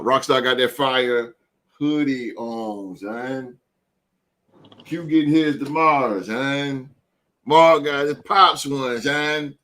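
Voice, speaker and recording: A man's voice: medium pitch, a bit bright. A man hosting a sports podcast in a loose, hyped way, tagging his lines with "man" and "son.". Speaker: podcast host. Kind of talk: casual sports talk.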